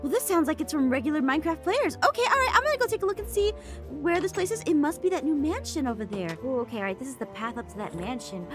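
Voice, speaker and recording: A woman narrating and acting in a Minecraft role-play, excitable and full of gasps. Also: high-pitched, quick pace, over music.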